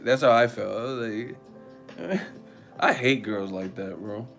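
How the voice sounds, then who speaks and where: A man hosting a casual live stream, telling a story with lots of swearing and loud impressions of others. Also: medium pitch, takes it slowly, vocal fry, faint music behind. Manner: animated storytelling, swearing, loud put-on voices.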